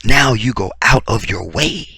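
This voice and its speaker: A man's voice: mid-range voice, expressive, measured pace, bright, forceful tone, slightly rough, dry recording. A man giving a combative, profane reaction commentary full of rhetorical questions.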